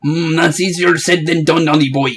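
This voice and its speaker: A man's voice: on the high side, steady tone, moderate pace, fairly bright tone. A man voicing a chatty, cheeky male fairy companion, full of blunt, folksy slang, in a game playthrough. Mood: wry.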